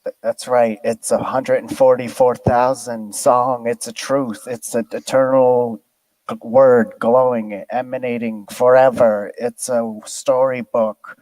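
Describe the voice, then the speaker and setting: A man speaking slowly in sweeping, preachy pronouncements during a casual online voice chat. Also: mid-range voice, level tone, a little mellow, no echo, low-quality recording. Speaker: chat room participant.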